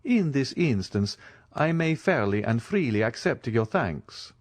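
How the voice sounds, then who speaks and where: Audiobook: man as a courteous, enigmatic nobleman, measured, dry read. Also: medium pitch, sing-song, no room sound, pitched above the performer's own voice. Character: courtly, mysterious wealthy count.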